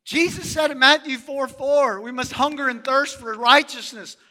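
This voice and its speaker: A middle-aged male pastor preaching a sermon in a church, animated and asking the congregation questions. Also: very high voice, moderate pace, big-room sound.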